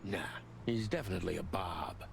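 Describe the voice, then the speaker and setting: An actor playing a wisecracking, streetwise rooster detective in a game. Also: male voice, deep voice, a little fast, creaky, noisy background. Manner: streetwise, wry, calls people pal and big guy. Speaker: game character.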